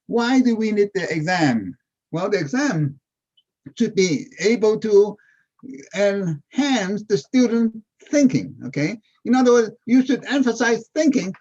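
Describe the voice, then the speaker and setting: Guy professor lecturing over a muffled zoom line, kinda high voice, non-native english, asks himself questions and answers them. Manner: animated storytelling, rhetorical questions, laughs at his own points; non-native English with dropped verb endings. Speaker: guest professor speaking at a teaching webinar. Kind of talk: webinar lecture. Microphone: video call. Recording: dull lo-fi video call audio.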